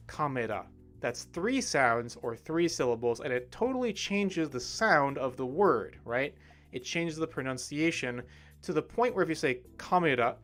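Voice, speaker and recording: A man teaching English pronunciation in a livestream lesson, modelling words slowly and clearly and checking in with "right?". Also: fairly high pitch, fairly bright tone.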